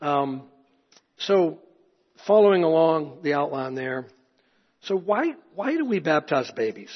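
A man's voice: a little high, very animated, a little slow, breathy edge. A male pastor preaching a sermon in a church, conversational and anecdotal, with chuckling asides. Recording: echoey hall, dull lo-fi sound.

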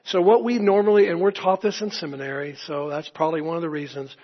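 Male pastor, fairly high husky voice, relaxed sermon delivery with chuckling asides, echoey church hall, dull recording. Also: fast. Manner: conversational, anecdotal, chuckling asides.

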